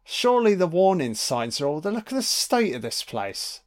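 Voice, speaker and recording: A man's voice: high voice, very animated, normal speed. A man giving casual, sweary commentary on a film, talking back to the characters on screen. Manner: sweary, mocking asides to the screen.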